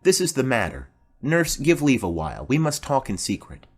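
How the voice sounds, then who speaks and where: A man's voice: mid-range voice, huge pitch swings, voice pushed up. A man voicing a formal, commanding noblewoman mother in an audiobook play reading. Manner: formal, measured.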